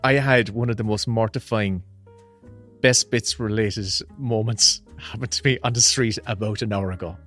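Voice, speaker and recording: A man's voice: fairly low pitch, fairly even intonation, normal speed, fairly bright tone, soft background music. An Irish man co-hosting a podcast, telling a story animatedly with frequent laughter and swearing. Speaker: podcast co-host. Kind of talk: casual storytelling chat.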